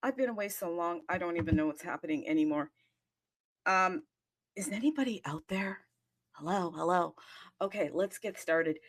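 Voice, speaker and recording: A woman hosting a casual live audio show, bubbly and excitable, laughing and talking to herself between bursts of enthusiasm. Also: lowish voice, normal speed, pauses often, no room sound, clean studio sound. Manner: bubbly, excitable and playful, jumping between loud bursts and asides; frequent laughs and self-talk. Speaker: host.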